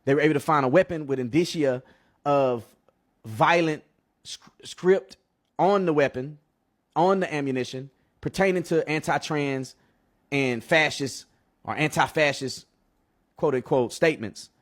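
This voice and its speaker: Man, official giving a statement, measured delivery. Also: a little high. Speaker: official at a press conference. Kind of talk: press statement.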